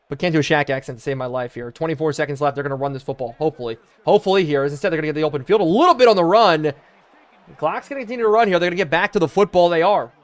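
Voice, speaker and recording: A young man streaming a football video game live, calling plays, shouting in excitement and thanking chat. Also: on the high side. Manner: excitable, bursts into loud exclamations, thanks viewers rapidly. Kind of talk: live stream commentary while reading chat.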